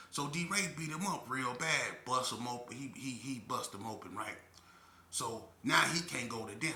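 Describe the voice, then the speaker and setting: A man's voice: mid-range voice, normal speed, echoey room. A man telling a story in casual chat and acting out the people he quotes. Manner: animated, acts out quotes loudly. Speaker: storyteller guest.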